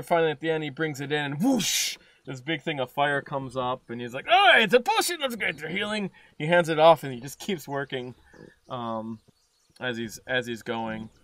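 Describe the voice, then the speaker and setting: A male dungeon master narrating a tabletop game, filling gaps with ums and uhs. His voice sits a touch high. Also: no echo. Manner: hesitant, many fillers.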